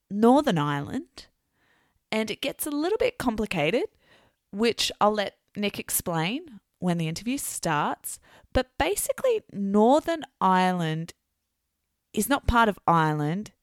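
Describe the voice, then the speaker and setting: Woman podcast host, clear explainy teacher vibe, dry close sound. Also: fairly low pitch, no room sound. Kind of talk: podcast intro and vocabulary lesson.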